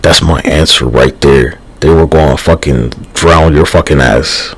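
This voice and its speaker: A man's voice: rumbling low, unhurried, breathy edge. A man rambling through a livestream monologue, profane and slangy, drifting between thoughts with sighs and fillers.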